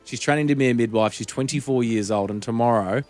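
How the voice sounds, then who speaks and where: Man, radio co-host, teasing deadpan banter, faint music bed. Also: medium pitch, fast. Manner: teasing, laughing, deadpan jabs. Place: radio studio.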